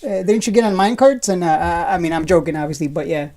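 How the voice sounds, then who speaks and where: A woman's voice: fairly low pitch, quick pace, dark tone. Profane, teasing woman streamer. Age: 30s. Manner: profane, teasing, joking rants; laughs often between lines. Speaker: livestream host reading chat. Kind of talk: casual live-stream chat.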